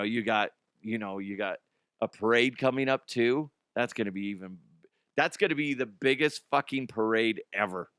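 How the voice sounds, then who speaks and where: A man's voice: lowish voice, a bit bright, dry recording, studio quality. A man hosting a casual sports talk show, ranting with profanity and sarcasm and laughing at his own jokes. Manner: mocking impressions of fans and players.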